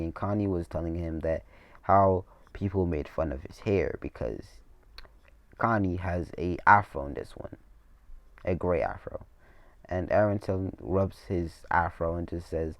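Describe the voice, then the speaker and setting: A man's voice: deep voice, no room sound. A young man casually retelling a fan story in a rambling way, with many restarts and swearing asides.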